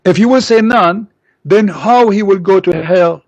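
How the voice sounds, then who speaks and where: A man co-hosting a religious debate, arguing in halting, questioning speech full of fillers. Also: high-pitched, darkish tone, no room sound. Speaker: co-host. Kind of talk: apologetics argument.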